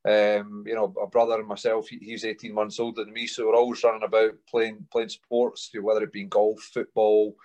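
Scottish man in his thirties, Stirling accent, relaxed upbeat guest, lower voice. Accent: Scottish, Stirling area. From Scotland. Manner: upbeat, easygoing, says aye. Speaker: guest, rugby player. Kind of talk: casual interview.

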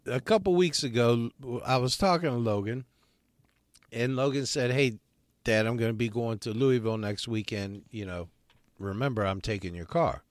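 A man's voice: medium pitch, normal speed, no echo. A man co-hosting a podcast, telling a story in a crude, joking way. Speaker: podcast co-host. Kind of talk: casual chat, storytelling.

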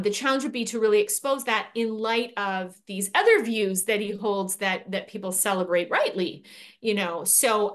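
Canadian-born woman guest, fluent and articulate, mid-pitched voice. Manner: articulate, fluent storytelling with light laughs. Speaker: guest, pro-life speaker and author. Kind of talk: conversational interview answers.

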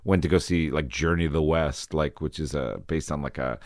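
A man's voice: very deep voice, brisk, dry recording, studio quality. A man as an interview guest, talking casually and self-deprecatingly with many fillers and restarts.

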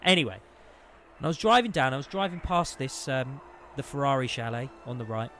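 Lively man telling a story. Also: mid-range voice, brisk, slight background noise. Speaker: podcast co-host. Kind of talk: animated anecdote telling. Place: podcast studio.

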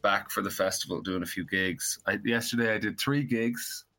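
A man's voice: fairly low pitch, steady tone, normal speed, bright, forceful tone. A man from Galway, a comedian talking dryly on a comedy podcast. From Galway, Ireland. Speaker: comedian, co-host calling in. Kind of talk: casual comedy chat.

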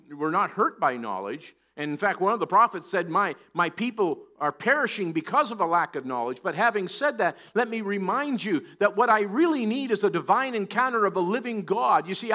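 A man's voice: high voice, sharp tone. A middle-aged man preaching a sermon, animatedly acting out scripture voices. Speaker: pastor.

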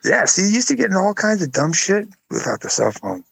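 A man's voice: big pitch swings, fairly quick, vocal fry, a bit bright, husky, no echo, poor audio. A man in his forties co-hosting a casual podcast, telling rambling stories and acting out quotes in a raised voice. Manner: rambling storyteller, acts out quotes in a high voice. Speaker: podcast co-host. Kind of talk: casual chat.

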